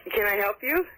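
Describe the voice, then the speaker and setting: A woman's voice: a little high, pushed and bright. A woman working as a hotel reservations clerk on a phone call, polite and trying to stay professional while giggling. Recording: tinny phone line.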